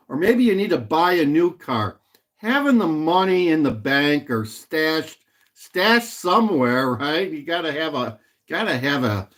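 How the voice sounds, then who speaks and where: A man's voice: on the high side, a bit bright. A middle-aged man hosting a casual livestream at home, rambling, repeating himself and chatting with viewers as he reads their comments. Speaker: livestream host. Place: home in Illinois.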